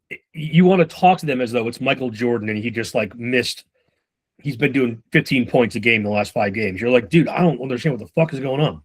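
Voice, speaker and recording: A man giving casual sales-management coaching, talking loosely and with profanity while acting out quick snippets of conversation. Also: mid-range voice. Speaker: sales trainer.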